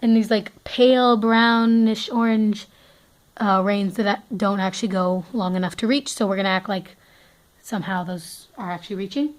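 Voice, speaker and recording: A woman's voice: medium pitch, moderate pace. Chatty young woman rambling on a tour. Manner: chatty, rambling, many fillers and self-corrections. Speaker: toy horse collector giving a barn tour. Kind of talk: casual tour narration.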